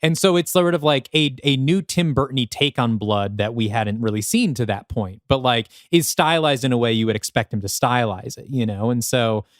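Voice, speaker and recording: A man's voice: medium pitch, moderate pace, few pauses, no echo. Laid-back guy on a podcast, chill and chatty, dry close sound. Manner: easygoing, laughs often. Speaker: podcast co-host and narrator. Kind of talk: casual chat.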